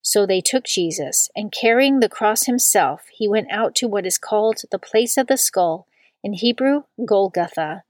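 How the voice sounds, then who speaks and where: A woman giving a steady, measured scripture reading. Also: medium pitch, dry recording.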